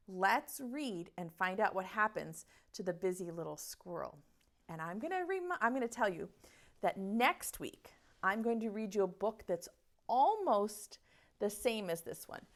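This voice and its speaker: A woman preschool teacher leading an online circle time, reading a picture book aloud and asking the children questions. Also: medium pitch. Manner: slow, sing-song storytelling voice that asks children questions.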